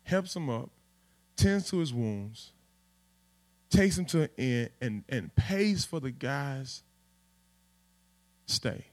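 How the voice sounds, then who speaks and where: A man preaching a sermon at a church in street vernacular, swinging from loud outbursts to hushed asides. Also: medium pitch, lively intonation, takes it slowly, pauses often. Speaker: pastor.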